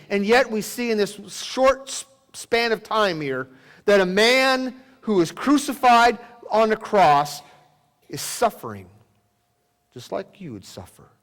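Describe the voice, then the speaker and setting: Male pastor, dramatic sermon delivery, loud cries dropping to hushes, slightly high voice. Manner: dramatic swings from loud exclamations to hushed near-whispers. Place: church sanctuary. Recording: long church hall reverb.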